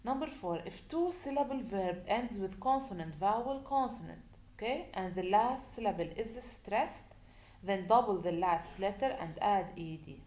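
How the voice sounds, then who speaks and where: A woman teaching a grammar lesson, speaking slowly and deliberately, repeating points and asking rhetorical questions. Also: mid-range voice, animated, darkish tone. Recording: echoey room with faint noise.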